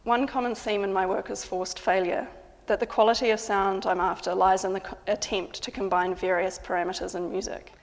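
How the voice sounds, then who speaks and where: A woman composer and sound artist narrating in a calm, measured, matter-of-fact way. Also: mid-range voice, big-room sound. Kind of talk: reflective spoken narration.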